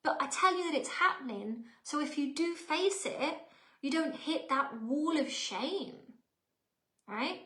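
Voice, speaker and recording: A woman's voice: sits high, lively intonation, measured pace, bright, forceful tone. A woman in her thirties with an English accent, giving a chatty, emphatic live workshop talk as a mindset coach and often checking in with her viewers. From England. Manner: chatty and emphatic, often asking the audience "right?". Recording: roomy echo.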